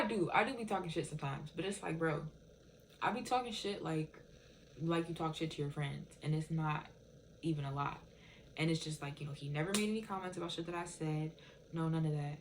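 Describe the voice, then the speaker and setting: A woman with a low, deep voice tells a storytime rant. She rambles and swears, circling back with fillers. A faint hiss of background noise sits under her voice. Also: poor audio. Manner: rambling, profane, heavy use of "it's just like". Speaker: TikTok viewer telling a story.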